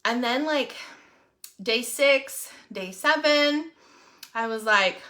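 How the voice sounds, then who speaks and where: A woman tells a personal story in casual, animated chat. Her voice is bright and sits a little high. She keeps checking in with her listeners. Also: slow, pauses often. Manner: chatty, animated, keeps asking "right?". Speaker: real estate agent.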